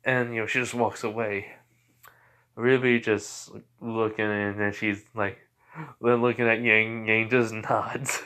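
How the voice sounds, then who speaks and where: A man's voice: lowish voice, level tone, a little slow, pushed and bright. A young man casually improvising a fan story, rambling with lots of fillers. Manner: rambling, many fillers like "you know" and "he's like".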